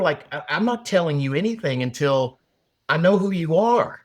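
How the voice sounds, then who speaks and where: A man appearing as a guest on a podcast, a sales leader who makes his points through lively hypothetical scenarios. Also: fairly high pitch, moderate pace. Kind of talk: casual conversational interview.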